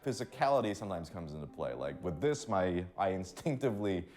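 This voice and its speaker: A man's voice: sits low, brisk, soft background music. A man who is a voice actor, explaining in an interview how he makes character voices, and acting out bits of them as he goes. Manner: animated, demonstrates voices as he explains.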